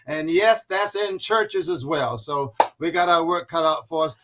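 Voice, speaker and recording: A man's voice: on the high side, unhurried, fairly bright tone. A man, a guest author and minister, closing a radio interview with a preaching, scripture-laden appeal. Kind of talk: radio call-in farewell.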